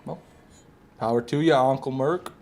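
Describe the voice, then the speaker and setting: A man's voice: mid-range voice, normal speed, creaky, a little mellow. A man streaming a game live, chatting casually with viewers and answering their comments, sometimes with sarcastic jabs.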